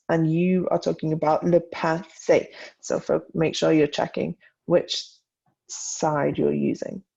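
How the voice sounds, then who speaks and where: A woman who speaks natively, teaching French in a recorded online lesson, slow and deliberate as she models each sentence. Her voice sits on the low side with a gravelly fry. The audio is dull and lo-fi. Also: darkish tone. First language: English.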